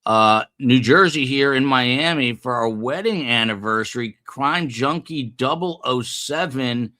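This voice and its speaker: A man's voice: mid-range voice, unhurried, pushed and bright. A man from the United States hosting a live stream, rambling casually and chatting with viewers. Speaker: livestream host. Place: upper floor of a building.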